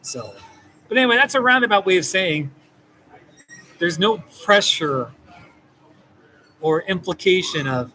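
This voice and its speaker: A man who works as a therapist, talking casually and gently to the camera, rambling and reassuring. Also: high voice, animated, a little slow, long pauses, slight background noise, low-quality recording. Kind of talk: casual direct-to-camera talk.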